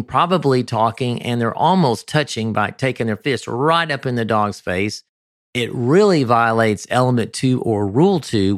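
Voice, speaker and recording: A man's voice: mid-range voice, no echo. A man hosting a podcast, giving dog-training advice in an emphatic, sometimes ranting monologue into a close mic.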